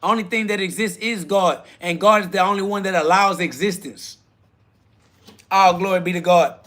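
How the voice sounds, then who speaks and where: This podcast host is a man talking at a moderate pace, his voice pushed and bright. On his live self-talk podcast he preaches in short repeated slogans and fires crude slang back at critics he quotes; getting heated sends his voice cracking into high shrieks.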